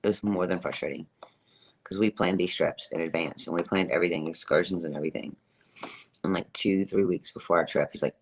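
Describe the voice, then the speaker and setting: A woman's voice: extremely low pitch, brisk. A middle-aged woman telling a personal story to her live chat, emphatic, repetitive and profane, laughing as she goes. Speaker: livestreamer.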